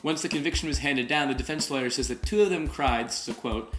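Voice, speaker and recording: A man's voice: mid-range voice, quick pace, a bit bright, reverberant, faint music behind. A man hosting a weekly political commentary show, wry, opinionated and direct. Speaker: host.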